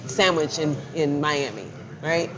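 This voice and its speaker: A man's voice: fairly high pitch, a little slow, pushed and bright, muffled recording, faint music behind. A man co-hosting a casual talk show, chatty and agreeable, often trailing off mid-sentence. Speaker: co-host. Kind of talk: casual chat. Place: bar lounge.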